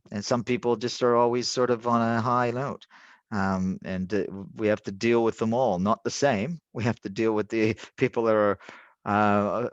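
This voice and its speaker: A man lectures to his class in a loose, rambling way, stopping and restarting his sentences often. His voice sits a little low. The audio is dull and dry, like a basic computer mic on a call. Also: dry recording. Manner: rambling, many restarts and fillers. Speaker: teacher.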